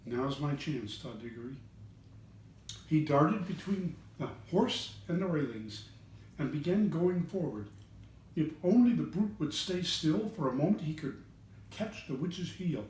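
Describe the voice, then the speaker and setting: A man reading a children's storybook aloud in an expressive voice, changing voices for the characters. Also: on the high side, unhurried, distant mic. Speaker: reader of children's books. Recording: echoey room, away from the mic.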